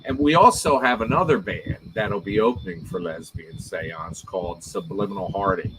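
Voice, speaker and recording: A man's voice: low-pitched, moderate pace, noisy background. A man hosting a rambling, joking late-night livestream, chatting casually with viewers and a companion. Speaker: livestream host.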